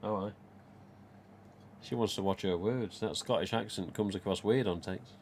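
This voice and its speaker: A man's voice: on the low side, moderate pace, darkish tone, slight background noise. A man, hosting a casual live stream about collectible masks and reading viewer comments aloud in a rambling, chatty way.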